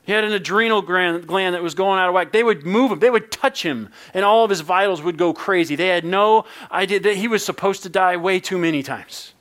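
A man's voice: high voice, brisk, hardly any pauses, a bit bright. A male pastor preaching a sermon in a playful, joking, conversational way.

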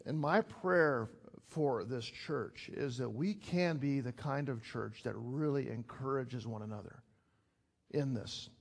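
A man's voice: medium pitch, normal speed, vocal fry, breathy edge. A middle-aged man preaching a sermon to a small church group in a conversational way, building to emphatic peaks. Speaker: pastor. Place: church gathering.

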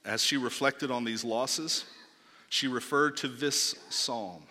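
A man preaching a sermon, emphatic, swinging from loud declarations to hushed asides and asking rhetorical questions. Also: medium pitch, takes it slowly, long reverb tail.

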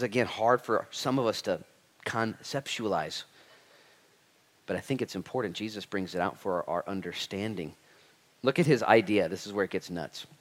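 Animated man preaching a sermon. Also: fairly low pitch. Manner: animated preaching with acted-out quotes and humor. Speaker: pastor.

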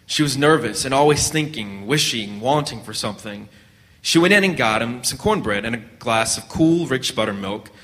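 A man reads a story aloud in a bright, forceful voice, measured and steady. Now and then he stumbles and restarts a word. A long hall reverb follows his reading. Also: medium pitch. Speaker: narrator.

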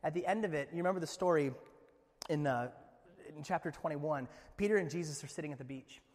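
A man preaching a sermon with earnest passion, swinging from booming declarations to hushed, intimate moments. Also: fast talker, big-room sound. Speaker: pastor.

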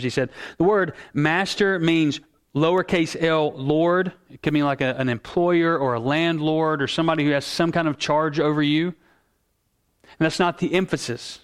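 A male pastor preaching a sermon in an earnest, emphatic way, slowing down to stress key words. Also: fairly high pitch, clean tone.

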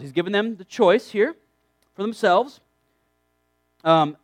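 A man's voice: high voice, normal speed, pauses often, no room sound. A man preaching a sermon to young people, reading scripture aloud and breaking off into emphatic asides, with frequent restarts. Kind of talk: sermon to a youth group.

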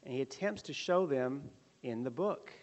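A man's voice: mid-range voice, expressive, moderate pace, darkish tone. Earnest male Bible teacher, conversational, recorded in a reverberant church hall. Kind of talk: prayer then Bible lesson.

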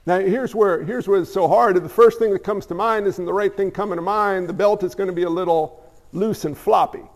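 Moving a little fast, a high-voiced pastor preaches casually and conversationally, tossing in jokes and playing out brief exchanges. The church hall adds a long, ringing echo.

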